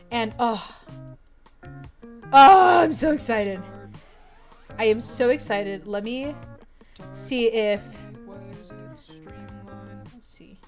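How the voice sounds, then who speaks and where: A young woman streaming, chatting casually with viewers in a bubbly, excitable way as she gets ready to read a fanfic aloud. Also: mid-range voice. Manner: bubbly, excitable, repeats greetings. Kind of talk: casual livestream chat.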